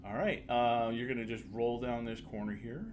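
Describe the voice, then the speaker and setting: A man narrating as dungeon master in a casual tabletop game, halting with fillers and often laughing. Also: medium pitch, fairly even intonation, darkish tone.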